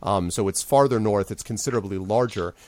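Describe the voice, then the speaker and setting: Low voice guy narrating a tabletop game, lots of ums, dry close mic. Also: a little fast, darkish tone, no room sound. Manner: rambling, filler-heavy. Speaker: game master.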